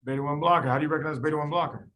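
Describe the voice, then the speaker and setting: A man teaching a live medical review class, quizzing students and talking through the reasoning in an animated way. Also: a little high, slight background noise, rough recording. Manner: animated, quizzes students, quick asides with sudden quiet drops. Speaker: medical board review lecturer.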